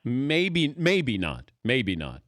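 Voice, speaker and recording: Lively sports radio host, joking questioner. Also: male voice, medium pitch, drawn-out words. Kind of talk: sports talk show interview.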